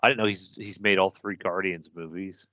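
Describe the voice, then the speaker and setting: A man's voice: low voice, fairly even intonation, normal speed, pushed and bright, slight background noise. A man co-hosting a podcast, chatting casually and arguing as a movie fan. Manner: enthusiastic, argumentative fan talk. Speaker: podcast co-host. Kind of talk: casual chat.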